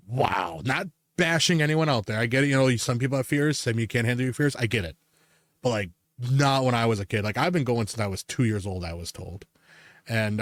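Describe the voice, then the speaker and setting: His voice is medium-pitched and a bit bright, captured with clean studio sound and no room reverb. Co-hosting a podcast, he tells a story in relaxed conversation, swearing frequently and laughing along the way.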